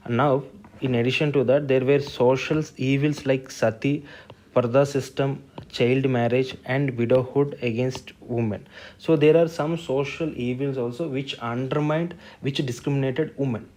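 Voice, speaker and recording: A man with an Indian English accent teaching a lesson, talking through a student's exam answer in a measured, explanatory way with fillers and restarts. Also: medium pitch, steady tone, a little mellow. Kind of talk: spoken lesson on answer writing.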